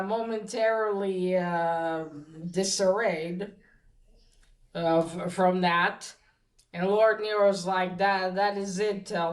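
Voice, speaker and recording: A woman recaps a story at an unhurried pace, stopping often to search for words with many fillers. Her medium voice carries a noticeable room echo. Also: mid-range voice. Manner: hesitant, many fillers and restarts. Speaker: podcast host recapping a comic. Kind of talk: casual spoken recap. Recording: echoey room.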